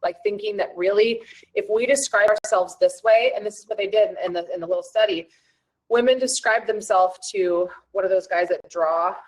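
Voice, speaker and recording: Chatty lady coach rambling on, super animated, lots of likes and ums. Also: mid-range voice, normal speed, poor audio. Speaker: wellness coach hosting an online challenge. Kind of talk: casual chat.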